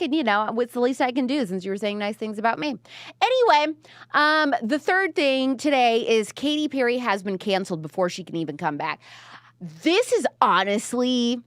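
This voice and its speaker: A woman's voice: mid-range voice, a little fast, no echo, studio quality. A woman in her twenties hosting a political commentary show, talking casually and rambling with lots of "like" and "um". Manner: chatty, rambling, heavy use of "like" and "um".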